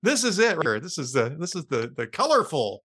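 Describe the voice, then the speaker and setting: Bright, lively-voiced male podcast host. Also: on the high side, a little fast, breathy edge. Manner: chatty, laughs at his own jokes. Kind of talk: casual chat and joke telling.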